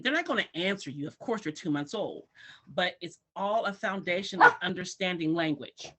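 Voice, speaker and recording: Animated woman educator on a talk show. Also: fairly low pitch, normal speed. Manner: animated, acts out parents and kids in exaggerated voices. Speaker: early childhood educator. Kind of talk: talk show guest discussion.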